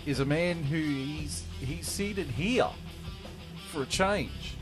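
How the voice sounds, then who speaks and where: A man's voice: on the high side, slow, music in the background. A man hosting a casual sports podcast, joking, swearing and laughing often. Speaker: podcast host. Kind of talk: casual chat.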